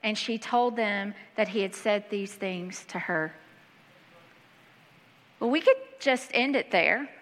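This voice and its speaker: A woman pastor preaching a sermon, reading scripture and breaking in with lively asides. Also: medium pitch, slow, long pauses. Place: church hall. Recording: long hall reverb.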